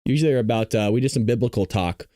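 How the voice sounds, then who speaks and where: A man's voice: medium pitch, racing, mellow, no echo, clean studio sound. A man hosting a casual reaction commentary, sarcastic and profane. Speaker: host.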